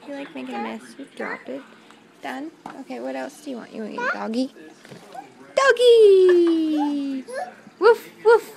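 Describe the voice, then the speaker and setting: A woman's voice: high voice, a little fast, creaky, very noisy. A young woman filming her toddler at home, talking in a sing-song, cooing baby-talk voice and repeating words for the child.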